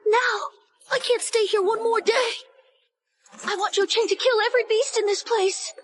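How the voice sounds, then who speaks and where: Proud, desperate young noble lady in a cartoon drama, very high and shrill,. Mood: hopeful. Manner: shrill, pleading, emotional.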